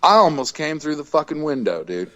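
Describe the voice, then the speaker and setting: A man with a Southern US accent, telling animated, profane stories in casual podcast chat. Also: a little high, a little fast. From American South. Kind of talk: casual crude banter.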